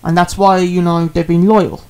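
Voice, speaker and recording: A man's voice: sits high, flat delivery, moderate pace, darkish tone, clean tone. A man, a streamer talking casually and earnestly, rambling and repeating himself with many fillers as he apologizes to a viewer.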